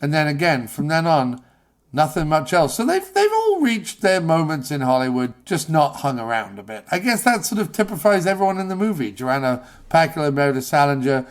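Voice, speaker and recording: A British man hosting a podcast, chatting casually in a rambling, sardonic, jokey way. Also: a little high. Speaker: podcast host. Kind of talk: casual chat.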